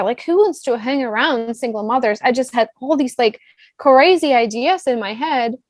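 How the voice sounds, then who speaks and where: A woman in her thirties with a foreign accent, a business coach telling her own story as a podcast guest, animated and full of "like" and "right?". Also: high voice, no room sound. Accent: non-US foreign accent. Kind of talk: personal storytelling in a podcast interview.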